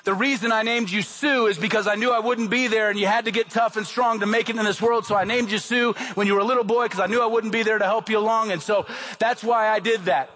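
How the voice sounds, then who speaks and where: Earnest regretful father, played by a man, high-voiced, hurried. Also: steady tone, pushed and bright. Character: regretful father explaining himself to his grown son.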